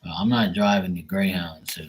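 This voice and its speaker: A man's voice: deep voice, steady tone, normal speed, a little hiss or hum, poor audio. A man hosting a live tarot stream, ranting at length in a casual, irritated and profane way while chatting with viewers. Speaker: livestream tarot reader. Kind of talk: casual livestream rant.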